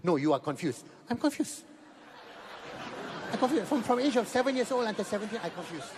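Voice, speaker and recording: A man in his fifties with a Malaysian accent, performing an animated stand-up comedy set and repeating words in rapid bursts. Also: high voice, crowd noise. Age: 50s. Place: large venue with live audience. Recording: echoey hall with audience noise.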